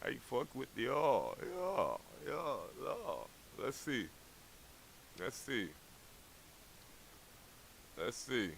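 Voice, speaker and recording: A man's voice: mid-range voice, big pitch swings, very slow, vocal fry, pauses often, fairly bright tone, a little hiss or hum. A young man, a rapper guest, chatting casually between freestyles, slangy and repeating himself, laughing nervously. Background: faint beat playing.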